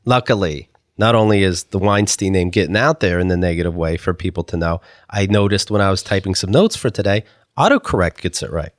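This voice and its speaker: A man's voice: low voice, animated, fairly quick, dry recording, studio quality. A man co-hosting a casual talk show, telling rambling stories and slipping into imitations of people. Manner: rambling storyteller, mimics voices. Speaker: co-host. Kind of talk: casual podcast banter.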